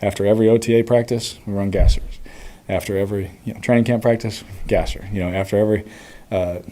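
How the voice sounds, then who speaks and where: Man, 30s, quarterback at a postgame presser, easygoing, laughs often, mellow low voice. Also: fast talker. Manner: relaxed, chuckling, many fillers. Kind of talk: postgame press conference answers.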